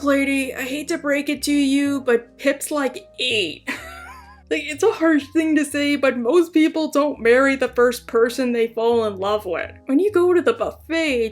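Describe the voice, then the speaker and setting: Woman, young adult, video essay narrator, sarcastic jokes, higher voice, soft music. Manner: sarcastic, joking.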